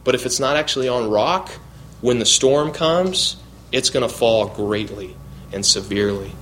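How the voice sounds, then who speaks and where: A man preaching a verse-by-verse sermon. He asks questions and answers them himself, and he slows down to press his key points. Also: medium pitch, fairly bright tone, a little hiss or hum. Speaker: pastor. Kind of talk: expository sermon.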